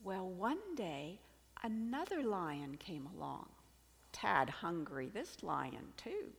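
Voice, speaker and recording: A woman preaching a sermon, telling a fable in an expressive storytelling manner with dramatic swings in volume. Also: fairly low pitch, takes it slowly, vocal fry, big-room sound.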